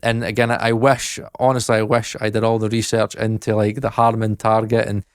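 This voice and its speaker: A man's voice: on the low side, level tone, brisk, no room sound. Rambling Scottish man, dry close sound. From Scotland. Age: 30s. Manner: rambling and self-deprecating, laughs often. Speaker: YouTuber and mixing engineer. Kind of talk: casual vlog talk.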